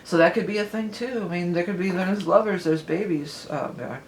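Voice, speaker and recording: A woman's voice: fairly low pitch, fairly quick. A woman giving a casual tarot reading, chatty and rambling, with frequent small laughs and digressions. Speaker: tarot reader. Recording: echoey room, faint background noise.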